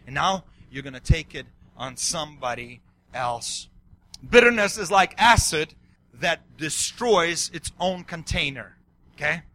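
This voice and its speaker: A middle-aged male pastor preaching a sermon, excitable, swinging between yelling and quiet asides. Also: fairly high pitch, unhurried.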